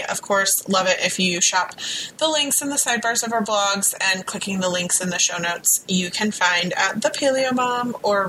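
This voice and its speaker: A woman's voice: medium pitch, bright, forceful tone, a little hiss or hum, rough recording. A woman co-hosting a podcast, chatting in an upbeat, friendly way. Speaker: podcast co-host. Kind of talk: casual chat.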